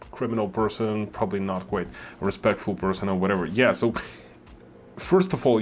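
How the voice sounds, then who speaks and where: A man in his thirties from Russia with a Russian accent, hosting a reaction video and talking it through slowly with many fillers. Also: on the low side, a little hiss or hum. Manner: thoughtful, hesitant, many fillers. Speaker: reaction channel host. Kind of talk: reaction commentary.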